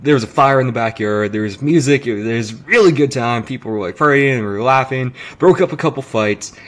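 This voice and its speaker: Young man, casual animated storyteller for game commentary. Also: mid-range voice, quick pace. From Canada. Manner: animated, acts out quotes, swears freely. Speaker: gaming commentator.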